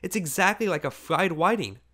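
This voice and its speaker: A man reading aloud voices a coy, giggling young woman in love, speaking slowly. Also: fairly high pitch, bright, forceful tone.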